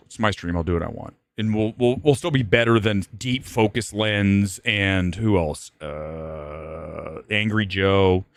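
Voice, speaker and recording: A man's voice: low-pitched, takes it slowly, gravelly, few pauses, no echo, studio quality. A man hosting a live-stream movie talk show, rambling, joking and cursing as he goes. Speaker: host.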